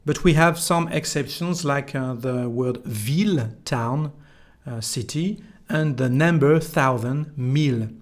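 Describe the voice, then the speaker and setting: A Frenchman with a slightly high voice and an unhurried pace teaches a French lesson online in English. He explains every word carefully and models phrases for the listener to repeat back.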